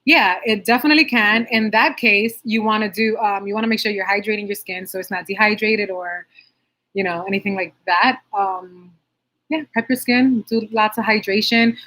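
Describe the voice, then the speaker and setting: A woman's voice: medium pitch, normal speed, sharp tone. A young adult woman, a makeup artist, answering viewer questions in a bubbly, chatty livestream style and laughing often. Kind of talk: casual livestream Q&A.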